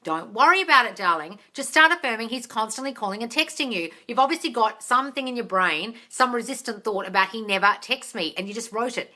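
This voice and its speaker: A woman's voice: a little high, expressive, fairly quick, hardly any pauses, bright, forceful tone. An Australian woman hosting a live Q&A, reading out viewer comments and answering them bluntly, with plenty of swearing and calling people darling. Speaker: live-stream host answering viewer questions.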